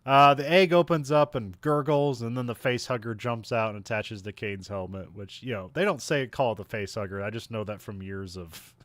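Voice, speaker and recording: A man's voice: medium pitch, moderate pace, hardly any pauses, no echo. A man co-hosting a podcast, recapping a film in casual chat, laughing often and trailing off mid-sentence.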